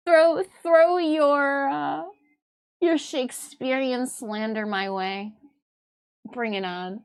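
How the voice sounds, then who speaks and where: A woman's voice: sits high, expressive, slow, long pauses. A young adult woman from Michigan, hosting her own livestream in casual, rambling chat, restarting her sentences and laughing often. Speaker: livestreaming artist and host.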